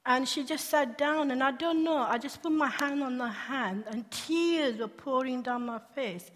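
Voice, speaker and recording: A woman telling her conversion-mission testimony as a sermon, animated and laughing often, asking her listeners questions. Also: sits high, unhurried, slight background noise. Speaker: speaker sharing a testimony. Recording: long hall reverb.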